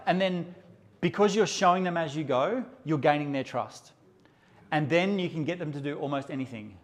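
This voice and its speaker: A man's voice: fairly high pitch, moderate pace. A man teaching a live workshop session, brash and joking and swearing freely as he addresses the audience. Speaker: photography workshop presenter.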